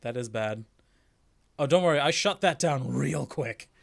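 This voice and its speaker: A man hosting a stream, chatting in a relaxed way and thinking aloud. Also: medium pitch, a little slow, creaky. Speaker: streamer host. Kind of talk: casual chat on a stream.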